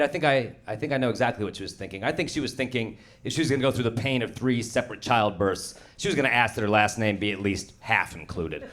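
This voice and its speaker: A man's voice: medium pitch, brisk, hardly any pauses, very noisy. A middle-aged man doing a stand-up comedy set, telling a story in a sardonic way and acting out the quotes, on a handheld mic in a comedy venue. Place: comedy venue with live audience. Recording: live audience laughter behind.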